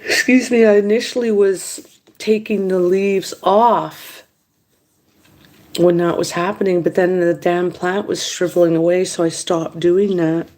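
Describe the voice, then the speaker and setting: A woman vlogger at home, rambling and complaining in a casual late-night monologue, turning animated when she quotes others. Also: lowish voice, unhurried. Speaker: mukbang vlogger. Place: indoors at home.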